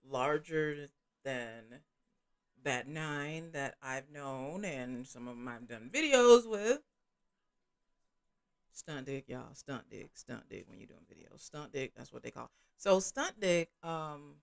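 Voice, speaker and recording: Frank middle-aged woman host, chatty and candid, casual delivery. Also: low-pitched. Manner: frank, candid, chatty with many fillers and restarts. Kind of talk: casual adult chat.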